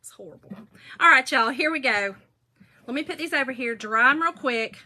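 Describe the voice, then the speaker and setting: Bright-voiced chatty woman crafter. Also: sits high, expressive, moderate pace. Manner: chatty, gossipy storytelling, addresses viewers. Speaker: craft video host. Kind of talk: casual chat while crafting.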